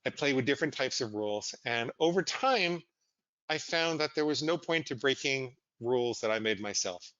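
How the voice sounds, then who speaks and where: A man speaks as a psychologist guest, telling his story candidly with animated, self-deprecating humour. His voice sits at a middle pitch, and the sound is dry and slightly dull. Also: normal speed, no room sound. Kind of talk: conversational interview storytelling.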